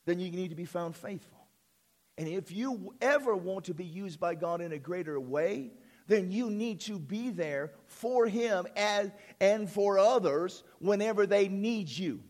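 A man's voice: high-pitched, normal speed, a little mellow. A man preaching a sermon as a church pastor, repeating phrases and calling out for amens from the congregation.

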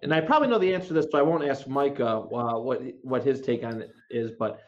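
A man hosting a comics podcast, chatting casually and restarting his sentences often. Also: medium pitch. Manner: halting, many restarts. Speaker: podcast host. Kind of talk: casual chat. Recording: dull lo-fi audio.

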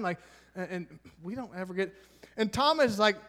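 A man's voice: sits high, moderate pace, a bit bright. A young man preaching a conversational sermon, enthusiastic and chatty, with laughs and asides. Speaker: pastor.

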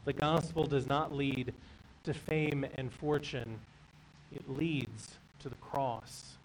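A man's voice: medium pitch, fairly even intonation, takes it slowly, far from the mic, a little hiss or hum, low-quality recording. A man preaching a sermon, telling a story in an earnest way before turning to the gospel reading. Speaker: pastor.

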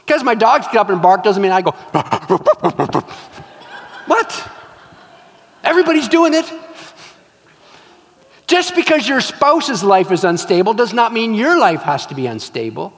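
Male pastor, sermon, lively swooping delivery, acts out stories, long hall reverb. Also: high voice, a little fast, hardly any pauses. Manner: animated storytelling, acts out scenes, emphatic repetition.

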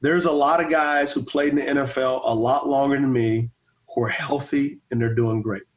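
A man's voice: mid-range voice, steady tone, normal speed. A man in his forties, a pastor and former football player, telling stories in a casual interview with energy, repeating words and stuttering a little. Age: 40s.

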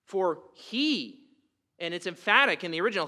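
Man, sermon, bright ringing tone, slightly high voice, emphatic, repeats himself. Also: animated, fast. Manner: emphatic, rhetorical questions, repeats words. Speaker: pastor.

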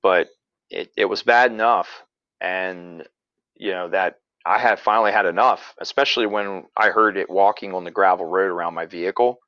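A man with a lowish voice tells a story in an easygoing, rambling way, full of fillers and restarts. The sound is dry and close, with a dull, slightly lo-fi quality. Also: moderate pace, bright, forceful tone, dry recording. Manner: rambling, many "you know" fillers and restarts. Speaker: paranormal investigator and podcaster. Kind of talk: casual storytelling in conversation.

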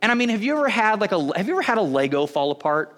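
A man's voice: high-pitched, sing-song, rapid-fire, a bit bright. A man in his thirties preaching a sermon as a pastor, conversational and joking, often breaking off mid-sentence. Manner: conversational, joking, self-interrupting. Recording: long hall reverb.

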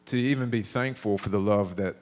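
A man preaching a sermon in a relaxed, conversational way, stopping and restarting as he tells stories. His voice sits a little low. He sounds like he is in his thirties. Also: fairly quick.

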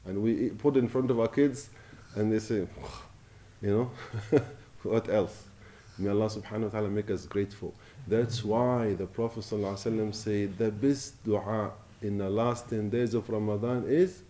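Man, middle-aged, preacher, passionate rise and fall, mellow tone. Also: fairly low pitch, fairly even intonation. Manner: impassioned, rising and falling, recites Arabic quickly. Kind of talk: Ramadan sermon.

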